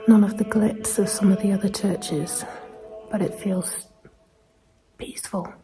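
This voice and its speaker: A young woman whispering to her camera inside a small empty church, hushed and reverent. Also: medium pitch, fairly even intonation, a little slow, vocal fry, faint music behind, rough recording. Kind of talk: whispered vlog narration.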